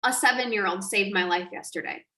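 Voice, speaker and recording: A woman coach telling an animated story on a live stream, acting out quotes and laughing often. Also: medium pitch, fairly quick, reverberant. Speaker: online business coach.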